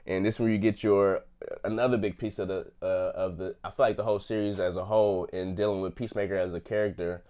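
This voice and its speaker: A young man chats loosely through a recap, full of slang and quick laughs as he retells each scene. His voice sits a little low, and he talks in a casual, unpolished way. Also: fairly even intonation, mellow. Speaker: host reviewing a TV episode. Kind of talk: casual chat.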